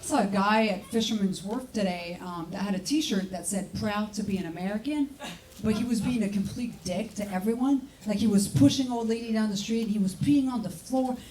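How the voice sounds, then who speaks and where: A woman from France with a French accent, performing a stand-up comedy set in a sardonic, deadpan manner with frequent cursing. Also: mid-range voice, brisk, few pauses. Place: comedy club stage. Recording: echoey club, distant mic, audience noise.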